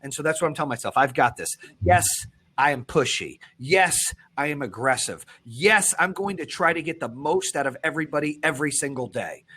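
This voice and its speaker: A man hosting a podcast, talking bluntly and with profanity, swinging between loud pushes and low, quiet stretches. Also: lively intonation, brisk, husky. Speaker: podcast host. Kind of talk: intense motivational podcast talk.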